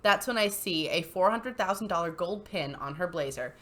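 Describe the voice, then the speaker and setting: A woman's voice: on the low side, lively intonation, moderate pace, a bit bright. Chatty, giggly woman commentator. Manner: chatty, giggly, full of fillers. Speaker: channel host. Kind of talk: casual commentary on posts.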